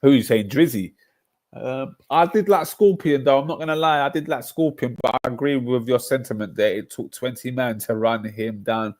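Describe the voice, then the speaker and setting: A man's voice: mid-range voice, moderate pace. A young man, chatting casually and rambling through stories on a livestream, full of slang. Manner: rambling, animated storytelling with slang. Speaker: livestream host.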